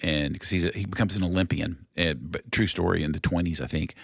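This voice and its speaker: A man's voice: deep voice, fairly quick, vocal fry, husky, no room sound, studio quality. A middle-aged man co-hosting a podcast in casual chat, reflective and telling stories. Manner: reflective, storytelling. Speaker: podcast co-host.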